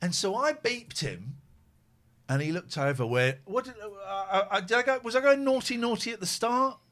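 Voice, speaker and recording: Guy chatting on his podcast, lively sweary storyteller, voice jumps around a lot. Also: sits high, moderate pace. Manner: animated storyteller, sweary, teasing. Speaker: podcast host. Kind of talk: casual chat.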